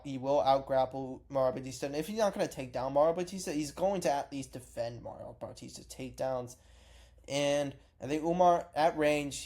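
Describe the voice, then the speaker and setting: Mellow-voiced man ranting casually. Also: medium pitch. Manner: rambling, profane, self-correcting. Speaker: MMA reaction vlogger. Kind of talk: casual reaction vlog.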